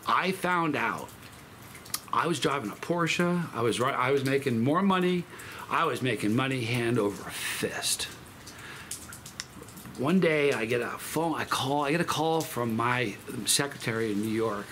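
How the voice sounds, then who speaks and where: A man's voice: mid-range voice, animated, a little slow, fairly bright tone, slight background noise. A man hosting his channel, telling a story in a casual monologue that is emphatic and rambling, with frequent restarts and self-corrections. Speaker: channel host.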